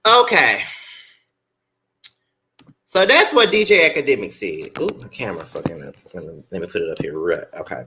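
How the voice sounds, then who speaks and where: A male vlog host rants bluntly and profanely to his viewers. His pitch swings in a lively way and his tone is bright and forceful. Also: moderate pace, pauses often, slight background noise. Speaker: commentary channel host. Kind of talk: casual commentary vlog.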